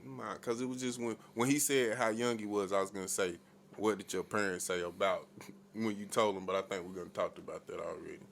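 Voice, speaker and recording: A man's voice: fairly low pitch, little pitch movement, a little fast, vocal fry. A man co-hosting a podcast, joking in a laid-back, casual way. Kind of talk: casual chat. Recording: faint background noise.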